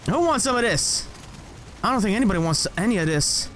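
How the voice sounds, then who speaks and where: A young man giving casual, rambling gameplay commentary, joking at himself and jumping into high excited yelps as he plays. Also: brisk, slight background noise. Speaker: gaming channel host.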